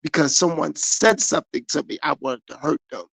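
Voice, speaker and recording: Gravelly man preaching self-control. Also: a little high, fairly quick, fairly bright tone, no room sound. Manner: earnest, repetitive, preaching from his own life. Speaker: podcast host. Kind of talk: motivational monologue.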